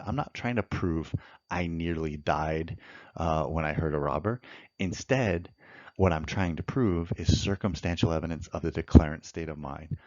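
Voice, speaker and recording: A man's voice: rumbling low, normal speed, darkish tone, no echo, highs cut off. A man teaching evidence law in a methodical lecture, walking through courtroom examples step by step. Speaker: law instructor.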